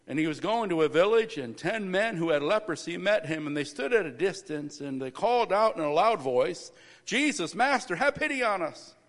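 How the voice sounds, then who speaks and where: A man pastoring a church service, praying and preaching a sermon that builds to loud, emphatic stretches. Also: fairly high pitch, expressive, moderate pace, hardly any pauses. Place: church sanctuary. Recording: reverberant church hall.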